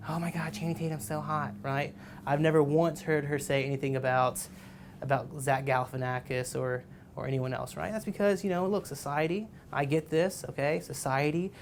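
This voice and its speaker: A man's voice: fairly high pitch, darkish tone, slight background noise. A man giving a casual tutorial lecture on ad copy, rambling and checking in with "right?" and "you know" again and again. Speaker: marketing teacher.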